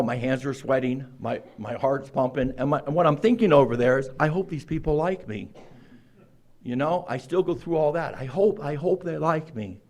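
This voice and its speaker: Man in his sixties, recovery meeting share, fairly high voice, animated storytelling with acted-out quotes. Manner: animated storyteller, acts out quotes with jumps in pitch and volume. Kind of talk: personal recovery story told to a group.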